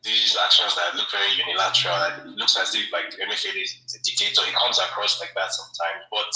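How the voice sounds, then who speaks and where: A man's voice: fairly low pitch, pushed and bright. A man, a guest journalist, explaining his views thoughtfully with hedges and frequent checks like "right?". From Nigeria. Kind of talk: conversational explanation. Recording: echoey, distant online call audio.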